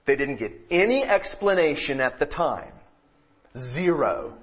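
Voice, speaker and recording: Husky, lively-voiced preacher man. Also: a little high, a little slow, lo-fi sound. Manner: builds from calm teaching to loud emphatic peaks. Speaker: pastor. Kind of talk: sermon.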